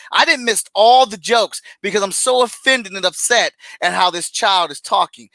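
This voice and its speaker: Animated high-voiced man ranting. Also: normal speed, few pauses, dry recording, low-quality recording. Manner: animated, exasperated ranting with laughs. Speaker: podcast co-host. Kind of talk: casual chat.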